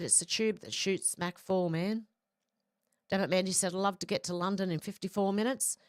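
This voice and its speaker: A female livestream host with a fairly low voice reads viewer comments aloud, following each with a short, casual reaction. The audio is studio quality with no echo.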